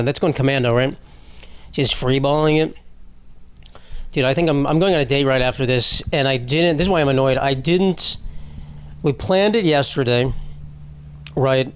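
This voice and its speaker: A young man hosting his own podcast, ranting in an exasperated, rambling way, swearing often and restarting his sentences. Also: a little high. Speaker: podcast host. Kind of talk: unscripted comedic solo podcast rant.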